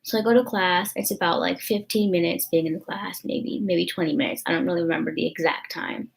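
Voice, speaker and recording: A woman's voice: on the low side, steady tone, brisk, gravelly. A young woman vlogging in a rambling, emotional, confessional way, full of fillers. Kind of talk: casual confessional vlog chat.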